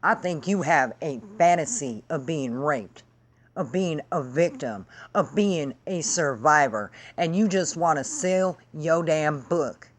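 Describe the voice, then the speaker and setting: A woman's voice: low-pitched, expressive, slow. A woman vlogging to camera in a heated, sarcastic and profane rant. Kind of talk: angry vlog rant.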